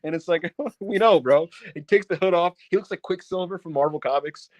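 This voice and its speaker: A man's voice: on the high side, fairly quick, dry recording, highs cut off. A man co-hosting a wrestling podcast, giving a casual, profane review, laughing often and acting out what people said. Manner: profane, laughing, acts out quotes.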